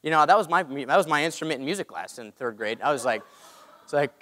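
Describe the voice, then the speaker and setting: A young man preaching a sermon in an animated way, joking about his own faults. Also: fairly high pitch, fast talker. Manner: animated, self-mocking asides. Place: large church hall. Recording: long hall reverb.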